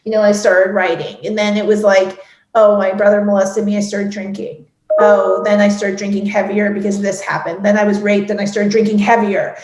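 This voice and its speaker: A woman's voice: medium pitch, level tone, moderate pace, noisy background. A woman in her forties speaking candidly and emotionally as an interview guest, with many filler words. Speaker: guest, head of production at an ad agency. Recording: roomy echo.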